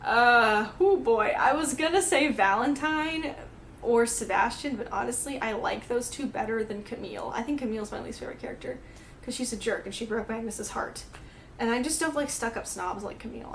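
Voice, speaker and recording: A young woman chats through a book questionnaire in a casual vlog, full of "um" and "like" and quick giggles. Her voice sits a little high. A faint hiss of room noise runs under it. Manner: chatty, rambling, frequent fillers and giggles. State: tearful, crying. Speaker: book vlogger.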